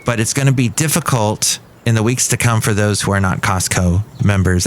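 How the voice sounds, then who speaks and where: A man's voice: fairly low pitch, normal speed, few pauses, a little hiss or hum. A man hosting a comic one-man podcast, rambling playfully with jokey asides. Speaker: podcast host.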